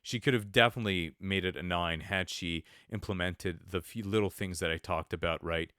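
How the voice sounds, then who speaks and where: Brief: male podcast host, very low smooth voice, rambling sarcastic commentary. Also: a little fast, a bit bright, no room sound, clean studio sound. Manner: rambling, many fillers, sarcastic asides. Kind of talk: casual commentary monologue.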